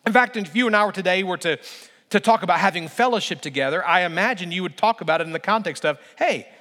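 High-voiced man preaching in a reverberant hall. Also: pushed and bright. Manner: emphatic preaching, slows down to stress key phrases. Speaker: pastor. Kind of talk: sermon.

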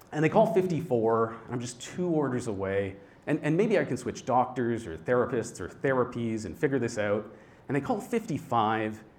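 A young man telling a personal story on stage, his delivery swinging between quiet and loud. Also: medium pitch.

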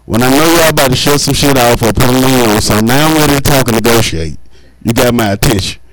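A man, doing a profane stand-up set at an open mic, jumping up in pitch and volume on punchlines. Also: quick pace, low-quality recording. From Mississippi. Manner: profane, swings high and loud for punchlines. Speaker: stand-up comedian.

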